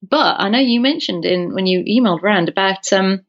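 A woman's voice: mid-range voice, brisk, dull audio. A woman co-hosting a podcast, chatting casually and telling stories with lots of ums and restarts. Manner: animated storyteller, many ums and restarts. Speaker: podcast co-host. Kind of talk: casual chat.

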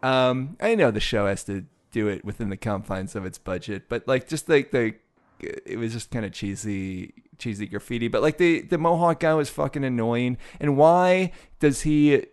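A man's voice: medium pitch, normal speed, clean tone. A man co-hosting a podcast in casual chat, rambling and joking at himself. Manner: rambling, self-mocking, many restarts. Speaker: podcast co-host.

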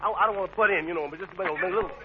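A man's voice: sits high, very fast, very noisy. Blustering man on a tinny old radio line. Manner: blustering, stammering, tall-tale telling. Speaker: comedian. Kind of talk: 1940s radio comedy banter.

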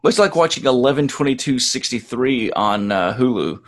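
A man's voice: mid-range voice, lively intonation, moderate pace. Rambling joking man in casual chat. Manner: rambling storyteller, joking analogies. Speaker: podcast co-host.

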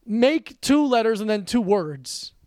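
Playful, lively-voiced man co-hosting. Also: sits high, measured pace, no room sound. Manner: playful, animated, jokey. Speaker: podcast co-host. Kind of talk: casual comedy chat.

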